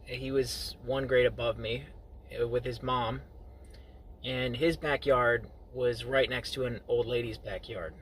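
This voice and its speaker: A man's voice: mid-range voice, fairly even intonation, measured pace, fairly bright tone, a little hiss or hum. A man casually telling a personal story to his viewers, chuckling now and then. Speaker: vlogger.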